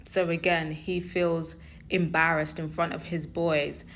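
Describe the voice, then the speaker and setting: A woman speaks in a slightly low voice, hosting her own commentary show. She talks in a conversational, emphatic and opinionated way, pressing her points home. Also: level tone, a little slow, fairly bright tone. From London. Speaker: show host. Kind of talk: reality TV commentary.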